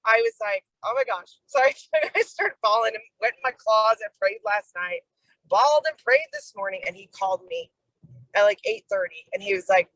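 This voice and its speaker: On a video call, a middle-aged woman from the program tells a casual personal story at a moderate pace in a mid-range voice. She's an animated storyteller who acts out what people said and uses "like" frequently. There's no room sound, and the recording is rough.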